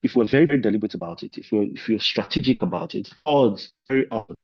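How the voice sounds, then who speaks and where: A man's voice: lowish voice, lively intonation, quick pace, husky, dry recording. A man giving an informal lecture to a leadership course, talking in loose, discursive asides. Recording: slightly dull, lo-fi recording.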